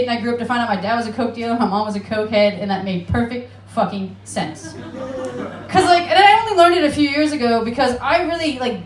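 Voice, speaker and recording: Brash high-voiced American woman comic. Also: echoey room, slight background noise. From Alaska, United States. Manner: brash, profane and self-mocking, with laughing asides. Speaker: stand-up comedian. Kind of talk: stand-up comedy set. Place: comedy club stage in Amsterdam.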